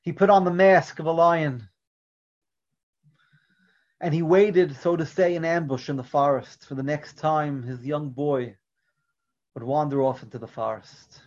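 A man giving an earnest religious lecture, often dropping to a quiet, soft delivery, and weaving in a story. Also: on the high side, fairly even intonation, a little slow, long pauses. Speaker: Torah teacher. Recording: dull lo-fi recording.

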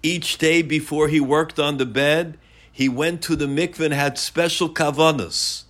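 A man giving a daily Torah lesson, explaining a teaching and telling a story in a measured way. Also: fairly high pitch, steady tone, a bit bright.

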